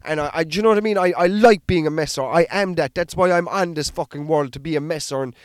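A young Irish comedian talking in a casual, rambling, sweary podcast monologue. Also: male voice, on the high side, fast talker, smooth, dry recording. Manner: sweary, rambling, self-deprecating.

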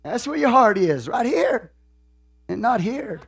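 A man with a Texan accent preaching a sermon as pastor, folksy and peppered with "okay?" and "hallelujah", swinging from soft asides to shouted lines. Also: very high-pitched, very animated, a little slow, vocal fry, breathy edge.

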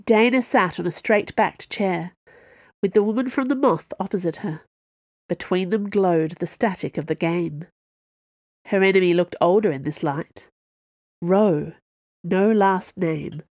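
Woman narrator, low voice, dry close sound, expressive storytelling, sci-fi audiobook. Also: a little slow, dry recording. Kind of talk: scripted narration of a science fiction novel.

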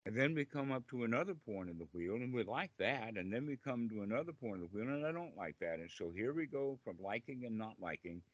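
A man's voice: medium pitch, animated, brisk, hardly any pauses, no room sound, lo-fi sound. A man teaching Buddhist meditation in an informal talk on a video call, patient and full of small fillers, humming tunes to explain a point.

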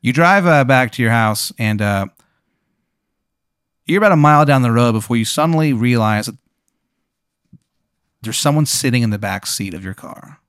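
A man hosts a comedy podcast, improvising an absurd story with plenty of fillers. His voice is smooth and resonant. The sound is close and dry. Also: mid-range voice, expressive, moderate pace, long pauses, fairly bright tone, no echo. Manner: rambling, filler-heavy narration. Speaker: host.

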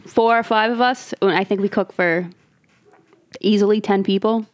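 A woman's voice: medium pitch, steady tone, normal speed, dry recording. Easygoing woman in casual chat. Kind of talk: casual chat among friends.

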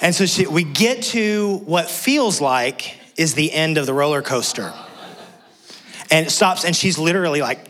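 A middle-aged male pastor preaches with a slightly high-set voice. He tells his story with animation and acts out the people in it. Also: expressive, normal speed, a bit bright. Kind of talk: sermon with personal storytelling.

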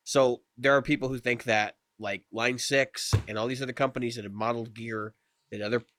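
A man co-hosting a casual podcast, relaxed and opinionated, steering the discussion. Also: mid-range voice, a little fast, a little hiss or hum. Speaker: podcast co-host. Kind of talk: casual chat.

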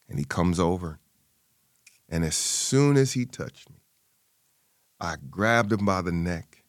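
A man's voice: low voice, takes it slowly, pauses often, no room sound, clean studio sound. A middle-aged man, an interview guest, telling a personal story and acting out the voices of his family.

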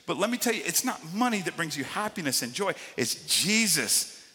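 Bright-voiced man preaching in a reverberant church. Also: high voice, sing-song, a little hiss or hum. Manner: preaching with big swings between loud emphatic lines and quiet drawn-out ones. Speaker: pastor. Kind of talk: sermon.

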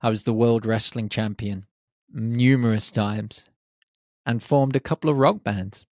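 A man hosting a reflective solo podcast, speaking in short, unhurried phrases. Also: fairly low pitch, fairly even intonation, a little mellow, no echo, studio quality. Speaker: podcast host.

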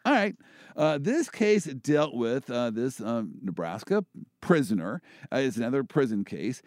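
A man's voice: mid-range voice, unhurried, no echo, clean studio sound. A man hosting a casual chat about legal cases, joking and restarting often as he explains. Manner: joking, animated, many restarts. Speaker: host and First Amendment lawyer.

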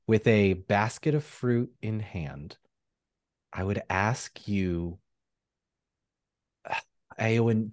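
A man running a tabletop game as game master with measured, descriptive narration. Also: fairly low pitch, darkish tone, dry recording, studio quality.

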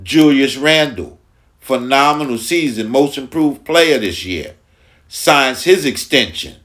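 A man from Long Island talks sports on his podcast, taking his time with each phrase. He leans hard on repeated words and emphatic asides, and his pitch sits in a middle range. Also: lively intonation, takes it slowly, a bit bright. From Long Island, New York. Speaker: podcast host. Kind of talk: casual sports talk.

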